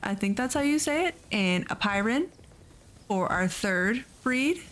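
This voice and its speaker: A woman's voice: medium pitch, expressive, a little slow, fairly bright tone. A woman hosting a let's play video, giving casual, chatty gameplay commentary and gushing over the creatures she raises.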